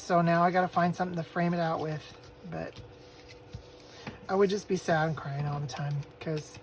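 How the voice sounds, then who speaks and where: A woman's voice: on the low side, noisy background. An older woman hosting a crafting channel, chatting casually and telling stories with frequent laughter. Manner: chatty storytelling, laughs often. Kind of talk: casual chat while crafting.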